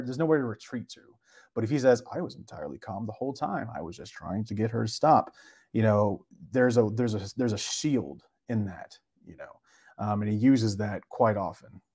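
A man appearing as a guest documentary maker in a casual online panel discussion, explaining in a measured way with frequent fillers. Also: lowish voice, mellow.

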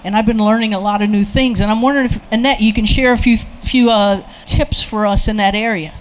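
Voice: mid-range voice, steady tone, fairly quick, smooth, rough recording. Friendly panel moderator.

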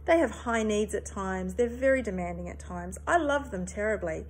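A woman's voice: medium pitch, normal speed, slight background noise. A woman in her thirties, a therapist, talking earnestly and emphatically in a personal reflective monologue, swearing casually.

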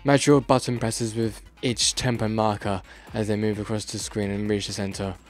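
A man's voice: on the low side, level tone, normal speed, faint music behind. A tired man doing casual let's play commentary, exasperated and rambling, swearing as he goes.

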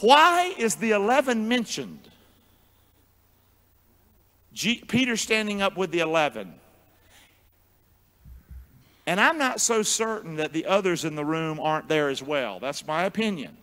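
A man preaching a sermon as pastor, drawing the congregation into call-and-response and swinging from booming shouts to quiet asides. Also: sing-song, a little slow, pauses often, in a large hall. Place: church sanctuary.

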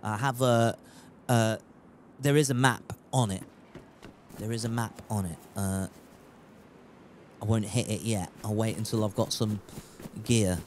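A man's voice: fairly low pitch, steady tone, a little slow, long pauses, slight background noise. A young man streaming a survival game live, rambling and joking, swearing casually and greeting viewers from chat.

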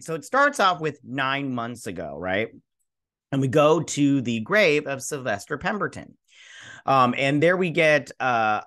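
A young man hosting his own channel, recapping and reviewing a TV episode in a rambling, casual way with lots of ums and likes. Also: medium pitch. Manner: rambling, filler-heavy, animated retelling. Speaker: YouTube show host.

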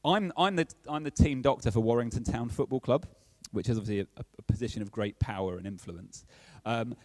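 A man's voice: mid-range voice, brisk, darkish tone, no room sound. A man giving a casual, conversational sermon as a preacher, often checking in with his listeners. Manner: chatty, checks in with "okay?" often.

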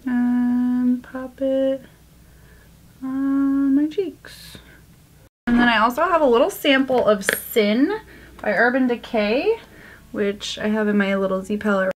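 A woman's voice: on the high side, slow pace, pauses often. A woman vlogger chatting casually through a makeup tutorial, joking about her own mistakes. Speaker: beauty vlogger.

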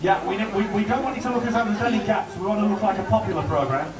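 A man doing joking warm-up patter for a TV studio audience. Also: high-pitched, fast, far from the mic, a crowd in the background. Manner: chatty, joking, lively. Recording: roomy studio heard from afar with audience.

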